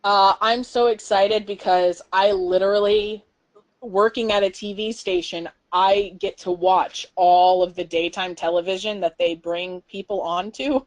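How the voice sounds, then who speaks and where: A young woman co-hosting a casual podcast, talking excitedly and chattily with plenty of fillers. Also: mid-range voice, a little slow. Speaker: podcast co-host.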